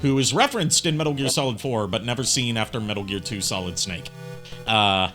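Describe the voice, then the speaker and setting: A man's voice: lowish voice, expressive, a little fast, a bit bright, faint music behind. A man giving casual gaming stream commentary, rambling chattily with lots of fillers and asides.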